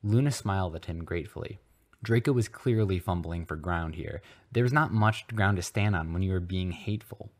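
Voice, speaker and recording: A man hosting a podcast, reading fanfiction aloud with deadpan narration. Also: low voice, normal speed. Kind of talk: comedic story reading.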